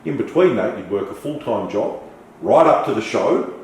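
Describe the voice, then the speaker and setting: A middle-aged man telling lively stories as a podcast guest. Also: mid-range voice, moderate pace, very echoey, recorded from a distance, a little hiss or hum, rough recording. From Australia. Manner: animated, swearing, storytelling with acted quotes. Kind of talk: casual storytelling interview.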